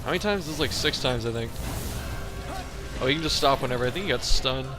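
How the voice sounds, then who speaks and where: A man's voice: medium pitch, lively intonation, fast talker. A man giving casual gameplay commentary as a let's play host, chatty and profane, humming to himself while he fights. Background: game music.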